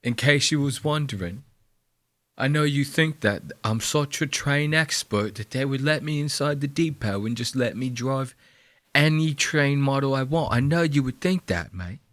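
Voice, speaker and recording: A man's voice: medium pitch, expressive, normal speed, fairly bright tone, no echo, close to an everyday voice. Mocking bit: man imitating a self-satisfied young train buff, "mate" after every line. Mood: smug. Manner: smug, dropping "mate" at the end of lines. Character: mocking impression of an eager young male train fan.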